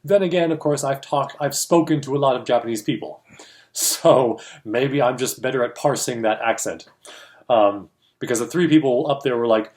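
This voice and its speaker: A man tells a story in a casual chat, his voice sitting at an ordinary middle pitch. He laughs often and acts out the voices of the people he quotes. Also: normal speed, darkish tone. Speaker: co-host of a film industry show.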